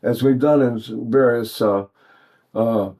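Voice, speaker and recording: A man's voice: medium pitch, takes it slowly. An older man, a voice teacher, giving a casual, chatty singing lesson and breaking off to demonstrate sounds. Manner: animated, chatty, sings and buzzes examples, mimics Italian speech.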